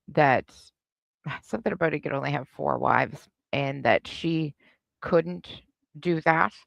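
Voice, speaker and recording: Snarky woman with a gravelly voice. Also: low-pitched, no room sound. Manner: sarcastic, snarky asides. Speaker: reaction streamer host. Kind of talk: live reaction stream commentary.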